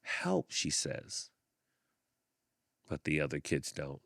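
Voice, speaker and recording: A man hosting a podcast, reading a picture book aloud with expressive storytelling and thoughtful hums. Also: rumbling low, measured pace, no room sound, clean studio sound. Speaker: podcast host.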